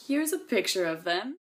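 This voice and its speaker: A young woman vlogging to camera in a bubbly, gushing, chatty way, tired and coming down with a cold. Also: medium pitch. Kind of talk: casual chat to camera.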